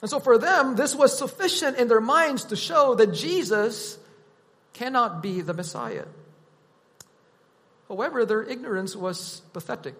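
A man preaching a sermon, teaching in a deliberate, emphatic way. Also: very high-pitched, fairly bright tone, long reverb tail.

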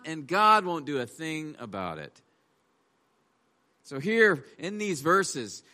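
A man's voice: on the high side, pushed and bright. A man preaching a sermon, reading verses aloud and voicing the psalmist's complaints with rising emphasis. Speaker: pastor.

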